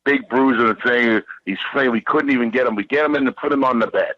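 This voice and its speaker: A man's voice: mid-range voice, quick pace, dry recording, muffled recording. A man who is a guest on a podcast, telling a rambling, heated, profane story and repeating himself as he goes.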